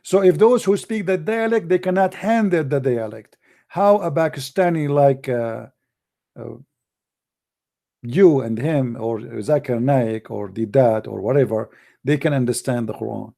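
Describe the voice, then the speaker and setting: A man with an Arabic accent, a native Arabic speaker from the Middle East, hosting a live debate show in a mocking, emphatic and forceful way. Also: medium pitch, unhurried, gravelly. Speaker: apologetics show host.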